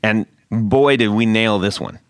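A man's voice: fairly low pitch, a little slow, clear, resonant tone, no echo, studio quality. A man hosting a podcast in casual chat, joking and rambling, often laughing. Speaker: podcast host.

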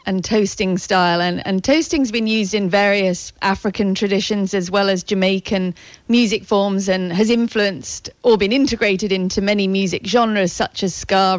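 A woman's voice: medium pitch, moderate pace, dry recording. A woman with a mid-range voice hosts a radio interview. She is attentive and asks careful questions, often nodding along with short "mm"s and "yeah"s. The sound is dry and close. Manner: attentive, with frequent short acknowledgements. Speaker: radio host.

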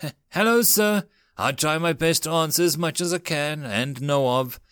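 A man's voice: on the high side, moderate pace, fairly bright tone, clear, resonant tone, dry recording, studio quality, voice pushed up, natural voice. Man voicing a stammering, anxious old elf. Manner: nervous, stammering. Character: anxious injured greying elf ship's carpenter, male.

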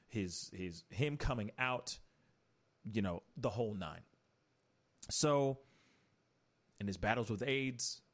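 A man hosting a casual commentary show, animated and opinionated, rambling through entertainment news. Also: on the low side. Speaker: talk show host.

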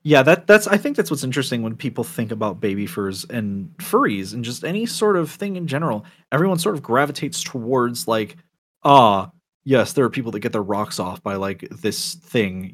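A man hosting a podcast in casual chat, animated and swearing, with lots of fillers. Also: lowish voice. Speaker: podcast host.

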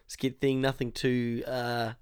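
A man co-hosting a film podcast in relaxed, casual chat, often pausing with fillers. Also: mid-range voice, clear, resonant tone. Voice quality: relaxed, hesitant with many fillers. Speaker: podcast co-host.

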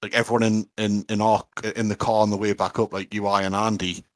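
A man's voice: lowish voice, level tone, fast, no room sound. Enthusiastic man chatting. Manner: chatty, enthusiastic, lots of fillers. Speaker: podcast co-host. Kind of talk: casual chat.

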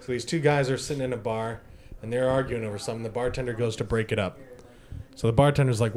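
A man's voice: mid-range voice, steady tone, quick pace, darkish tone. Chatty man telling stories. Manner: chatty storyteller, trails off and restarts. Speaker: salesman. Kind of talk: casual podcast chat.

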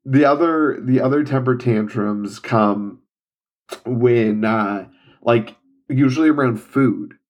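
A man's voice: medium pitch, slow pace, dull audio. Amused young father chatting. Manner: amused, laughs while telling stories. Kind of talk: casual chat.

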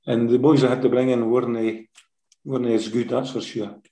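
Scottish man telling stories, mellow. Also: medium pitch, a little fast, roomy sound, slight background noise. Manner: lively storyteller, tags sentences with "eh?". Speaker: former football manager. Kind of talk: anecdotal interview storytelling.

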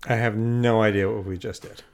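A man co-hosting a podcast, chatting casually with dry, deadpan remarks. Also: lowish voice, a little fast. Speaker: podcast co-host. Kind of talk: casual chat.

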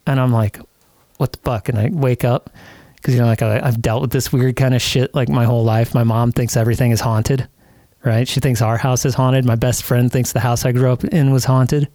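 A man's voice: mid-range voice, fairly even intonation, fairly quick, warm tone, dry recording. A man co-hosting a podcast who tells a story in casual chat, swearing often and laughing as he goes. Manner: profane, laughing while telling a story. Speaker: podcast co-host. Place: podcast studio.

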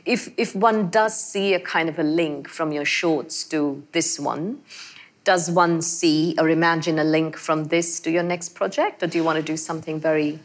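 A woman with a somewhat low voice moderates a film Q&A. She puts her questions politely and answers with encouragement. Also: steady tone, normal speed.

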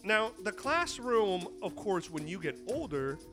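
A man's voice: high-pitched, big pitch swings, a little slow, music in the background. A man co-hosting a comedy podcast, playful and laughing often, sometimes slipping into a mock teacher's voice. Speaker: podcast co-host. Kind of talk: comedic casual chat.

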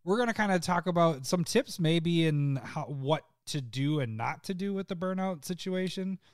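A man's voice: on the high side, lively intonation, moderate pace, no room sound, studio quality. A man co-hosting a podcast in casual chat, joking and laughing often. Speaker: podcast co-host.

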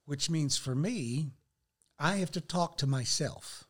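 A man's voice: on the high side, takes it slowly. An older man, a guest on a faith talk show, speaking earnestly and quoting scripture as he shares. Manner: earnest, animated, quotes scripture.

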